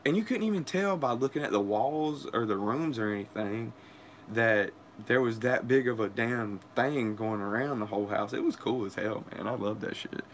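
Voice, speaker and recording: A man's voice: mid-range voice, normal speed, a little hiss or hum. A young man, telling a crude, profane story in casual vlog chat and laughing often. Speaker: vlogger.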